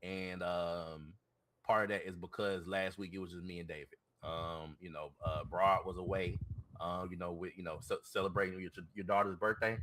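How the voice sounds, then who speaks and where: Podcast co-host, male, low-ish bright voice, loose repetitive slangy delivery. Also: fairly even intonation, moderate pace, a little hiss or hum. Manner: rambling, repeats words, slangy. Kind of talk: casual chat.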